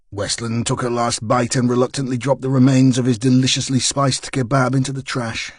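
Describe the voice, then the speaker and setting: Guy reading a crime audiobook, wry measured storytelling, dry close sound. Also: mid-range voice, little pitch movement, breathy edge, no room sound. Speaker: audiobook narrator. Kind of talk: scripted narration.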